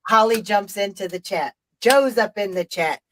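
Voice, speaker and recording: On a low-quality recording with slight background noise, a middle-aged woman hosting a live stream tells a story casually. Her mid-range voice has a fairly bright tone at normal speed, and she rambles emphatically, swearing along the way.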